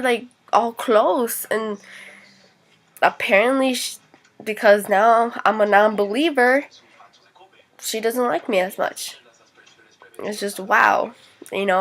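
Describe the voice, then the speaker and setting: A woman's voice: medium pitch, a bit bright. A young woman vlogging, venting frankly and indignantly about a hurtful situation, swearing freely. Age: young adult. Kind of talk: casual venting vlog.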